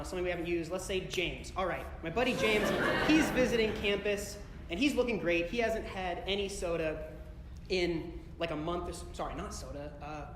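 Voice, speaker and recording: In a concert hall before a live crowd, a high-pitched man does a comedy set built around a meandering story, fixing his own words as he goes. Background noise and the hall's long, echoing reverb fill the recording.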